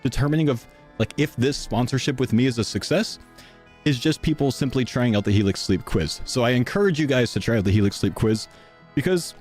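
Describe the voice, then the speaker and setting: A young man streaming live, a little out of breath as he chats his way through a sponsor segment. His voice sits at an ordinary middle pitch, loose and conversational. Faint music plays behind him. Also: expressive, fairly quick, darkish tone. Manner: casual, chatty, talks to chat.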